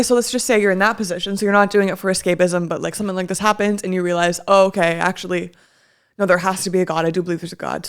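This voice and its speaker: A woman's voice: mid-range voice, clear, resonant tone. A woman with a Canadian accent co-hosting a podcast, speaking thoughtfully in a searching way. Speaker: podcast co-host. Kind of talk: casual reflective chat.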